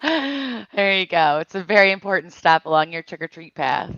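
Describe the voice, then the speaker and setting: A woman's voice: medium pitch, expressive, normal speed, fairly bright tone, no room sound, highs cut off. A woman in her forties from Michigan, hosting a casual chat and telling stories, laughing often as she talks. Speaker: channel host.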